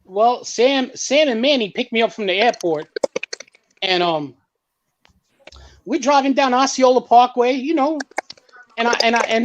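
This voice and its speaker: A man's voice: measured pace, pauses often, slight background noise. A man telling a story on a casual car podcast as a guest, swearing freely and acting out what others said. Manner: animated, swears freely, acts out quotes in a higher voice.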